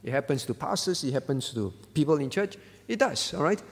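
A pastor speaks to a prayer meeting in a church hall, keeping his sermon conversational and often checking in with "all right?". The voice is on the high side, animated, fairly quick and slightly rough, echoing with big-room sound.

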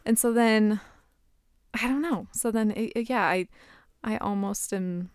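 A young adult woman in casual chat, speaking candidly and haltingly as she searches for her words. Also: mid-range voice, smooth, no room sound.

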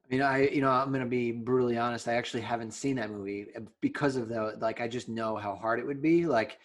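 A man with a faint New York accent, co-hosting a casual podcast chat, talking quickly with asides and easy laughs. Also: mid-range voice, fairly even intonation. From New York, Long Island area. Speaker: podcast co-host.

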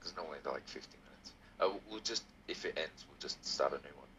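Low-voiced, animated man on a call. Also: fast talker, a little hiss or hum, rough recording. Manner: animated, laughs often, theatrical. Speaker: podcast guest. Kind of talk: casual chat. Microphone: video call.

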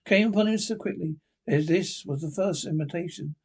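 Husky man reading a story aloud. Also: sits high, fairly quick, darkish tone. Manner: unpolished with frequent slips. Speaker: reader. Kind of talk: amateur audiobook narration.

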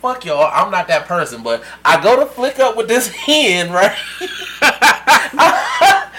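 A man telling a story in casual chat, animated and laughing often as he acts out quotes. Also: sits high, slow pace, noisy background. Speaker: podcast co-host telling a story.

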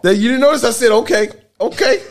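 A man's voice: very high-pitched, fast talker. A man hosting a casual podcast in a studio, loose and profane, laughing hard between lines. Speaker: podcast host. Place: recording studio.

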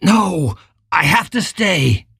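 A woman reading the lines of a grieving man torn by a reunion with his dead lover, in a hushed, pleading way, in a low, slow voice. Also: very animated, gravelly, husky, dry recording, studio quality, full character voice. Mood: desperate.

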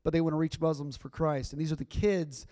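A man's voice: fairly high pitch, steady tone, brisk, mellow. A middle-aged man preaching a sermon in a conversational, earnest way, with bursts of emphasis. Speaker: pastor.

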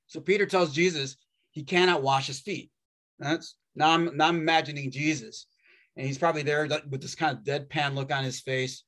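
Guy giving a sermon, slightly high voice, wry and chatty, lots of pauses. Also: a bit bright. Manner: wry, conversational preaching with dramatic pauses. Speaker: preacher.

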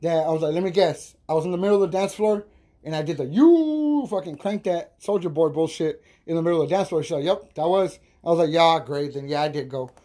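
A man's voice: on the high side, a little fast. A man casually telling rowdy stories on his podcast, swearing freely and laughing as he goes. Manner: animated, profane, laughing storyteller. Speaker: podcast host. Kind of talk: casual storytelling monologue.

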